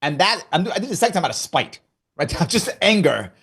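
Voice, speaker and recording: A middle-aged man from New York talking as an interview guest. He tells his story in an animated way and slips into the voice of his own past thoughts. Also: sits high, brisk, husky. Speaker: guest, former governor candidate. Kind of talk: casual interview chat.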